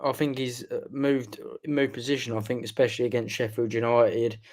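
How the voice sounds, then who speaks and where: A man co-hosting a casual football fan chat, measured and plain-spoken, giving his verdicts in short sentences. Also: mid-range voice, level tone, darkish tone. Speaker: fan channel co-host.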